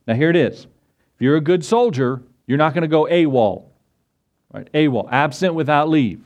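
A male pastor preaching a sermon, reading scripture slowly and asking the congregation rhetorical questions. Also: fairly high pitch, lively intonation, a little mellow.

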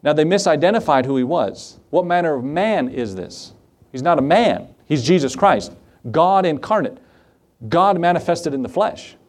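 Pastor, male, fairly high voice, animated sermon, acts out the quotes. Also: moderate pace. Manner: conversational asides and rhetorical questions.

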